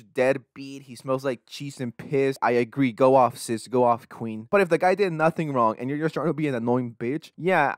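A man's voice: medium pitch, no echo, clean studio sound. A young man doing casual comedic commentary, joking, swearing and laughing a lot. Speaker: YouTube commentator.

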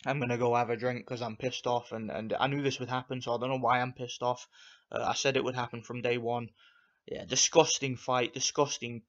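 A man vents furiously in a fight review, cursing and hammering the same points again and again. His voice sits at an ordinary mid pitch. The audio is dull and lo-fi. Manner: angry, profane, repetitive ranting. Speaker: boxing video reviewer. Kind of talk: heated fight review rant.

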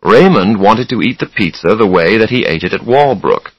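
A man narrating a story for English learners in a slow, deliberate, expressive way. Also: lowish voice, breathy edge, no room sound, lo-fi sound.

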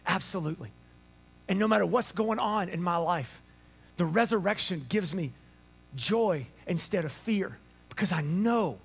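A man preaching an Easter sermon to a church congregation, animated and playful, acting out little voices for laughs. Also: high voice, vocal fry. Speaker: pastor. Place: church sanctuary before a congregation.

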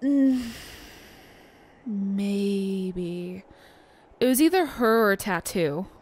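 A woman's voice: medium pitch, expressive, drawn-out words, darkish tone, a little hiss or hum. A young woman co-hosting a let's play, chatting casually and swearing freely while playing. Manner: swears freely, laughs often. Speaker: co-host of a gaming channel.

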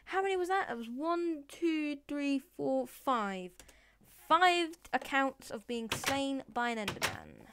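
High bright-voiced woman playing a game, talks to the mobs, swears a lot, faint hiss in the background. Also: huge pitch swings, takes it slowly. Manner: talks to mobs and villagers, swears often, playful. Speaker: Minecraft let's player. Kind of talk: casual gameplay commentary.

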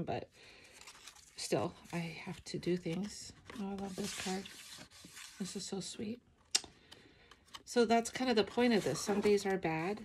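Sleepy, gravelly-voiced woman talking art. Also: fairly low pitch, noisy background. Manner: soft, emotional, reflective, many ums. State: sleepy morning voice. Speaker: art journal vlogger. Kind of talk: casual flip-through chat.

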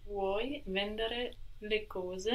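Careful slow-spoken woman student. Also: medium pitch, steady tone, rough recording. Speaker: language student. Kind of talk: answering language drills.

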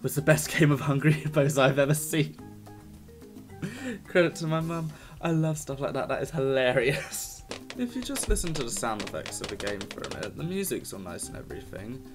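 Excitable young gamer guy. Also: mid-range voice, moderate pace, music in the background. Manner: excitable, jokey, talks to the game. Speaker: gaming YouTuber. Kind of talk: casual let's-play commentary.

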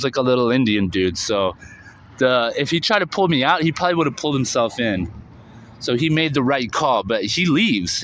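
Bright-voiced man telling a rough story. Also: mid-range voice, slight background noise, rough recording. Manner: loose, rambling talk full of "like" and "man", with swearing. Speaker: vlogger recounting his recovery. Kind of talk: casual spoken storytelling on location. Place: outdoors beside a canal near a street.

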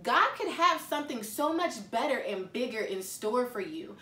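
Brief: woman vlogger, slangy and animated storytelling, recorded from a distance in a roomy space. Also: on the high side, normal speed. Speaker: faith vlogger. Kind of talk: casual confessional talk. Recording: echoey room, mic at a distance.

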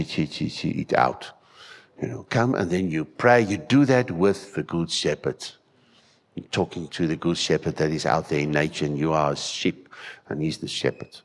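This sermon comes from a pastor in a church hall, a South African man who is Afrikaans by birth. Speaking from the pulpit with a fairly low voice, he is animated and emphatic, tossing rhetorical questions to the congregation as he goes.

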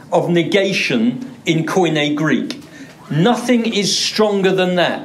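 A man's voice: a little high, lively intonation, slow pace. A male pastor preaching a sermon, driving points home by repeating words for emphasis. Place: church.

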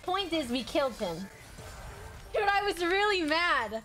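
A young adult woman chatting casually and excitably while commentating her own gameplay, quick to laugh and to yell at the screen. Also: very high voice, faint music behind. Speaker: gaming streamer.

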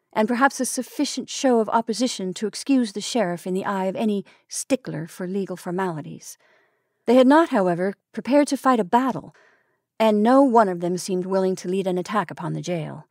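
A woman reads a story in a calm, measured way. Her voice sits at a middle pitch. The sound is dry and close. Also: dry recording. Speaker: storytelling podcast host. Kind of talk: scripted narration.

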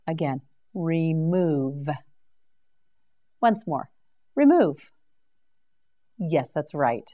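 Slow, patient woman teaching vocabulary. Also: low-pitched, dull audio. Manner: patient, clearly enunciated, repeats each word. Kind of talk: slow scripted vocabulary drill.

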